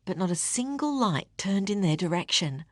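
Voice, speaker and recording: A woman narrating an audiobook with a steady, expressive reading. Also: medium pitch, moderate pace, no echo, clean studio sound. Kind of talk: scripted narration.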